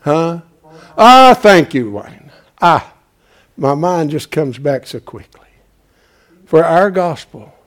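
A man preaching a folksy sermon, calling out to his congregation and swinging from loud to hushed. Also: on the high side, sing-song, takes it slowly.

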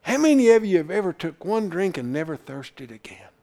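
A man preaching a sermon into a camera, swinging from loud shouting to hushed whispers and repeating phrases for emphasis. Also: sits high, big pitch swings, fairly quick, creaky. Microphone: camera he speaks into.

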